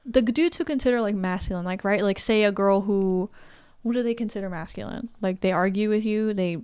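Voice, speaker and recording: A woman's voice: mid-range voice, a little fast, a little mellow, smooth. A young adult woman, a podcast guest, debating in casual talk, filling her sentences with "like" and "you know". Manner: chatty, many fillers like "like" and "you know".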